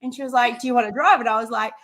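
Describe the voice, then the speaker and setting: A woman's voice: a little high, very fast, slight background noise. An Australian woman co-hosting a craft chat channel, telling stories in casual chat and acting out quoted dialogue. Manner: animated storyteller, acts out quoted dialogue.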